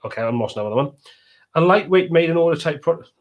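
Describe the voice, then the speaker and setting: A man's voice: a little high, expressive, quick pace, lo-fi sound. A man with a Welsh accent, casually chatting as host of a live stream and reading out viewers' comments.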